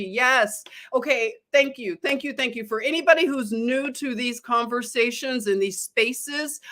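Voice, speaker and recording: A woman hosts a casual live stream, chatting and giggling as she talks straight to her viewers. Her voice sits a little high for a woman. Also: a bit bright.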